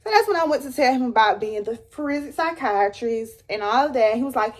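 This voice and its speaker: A young woman telling a dramatic storytime to her viewers, animated and emphatic. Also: sits high, a little fast, hardly any pauses. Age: young adult. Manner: animated, dramatic retelling with rising squeals. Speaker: storyteller vlogger. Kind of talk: storytime vlog.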